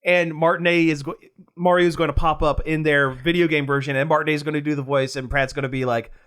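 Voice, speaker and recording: A man's voice: a little high, steady tone, fast talker, a bit bright. A man co-hosting a pop culture podcast, upbeat and laughing often in casual chat. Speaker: podcast co-host.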